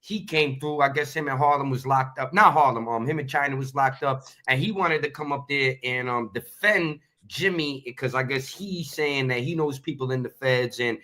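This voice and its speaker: A man's voice: mid-range voice, moderate pace, hardly any pauses, bright, forceful tone. A man co-hosting a casual chat, loose and slangy, rambling as he sets up a clip.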